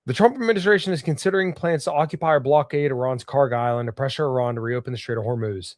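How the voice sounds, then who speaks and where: A man hosting a podcast, reading news articles aloud and adding casual commentary, with a stuffed-up nose and a halting delivery full of fillers and restarts. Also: mid-range voice, darkish tone, no echo, studio quality. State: stuffed up, sniffling. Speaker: podcast host.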